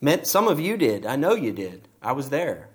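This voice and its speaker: A man's voice: medium pitch, sing-song, moderate pace. A middle-aged man preaching a sermon as pastor, telling stories and pressing his points with emphasis. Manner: storytelling, emphatic with rising passages.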